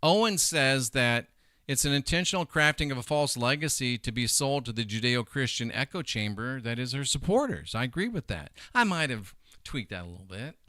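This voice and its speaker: Emphatic middle-aged man, crisp bright voice. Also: mid-range voice, moderate pace, no echo, studio quality. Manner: animated, emphatic, digressive. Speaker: host. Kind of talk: casual commentary.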